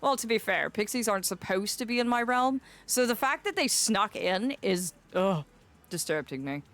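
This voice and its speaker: Playing a fae persona on her live stream, a young woman speaks at medium pitch and normal speed with a slightly bright tone. She hams it up theatrically and fondly greets her chatters as "my dear."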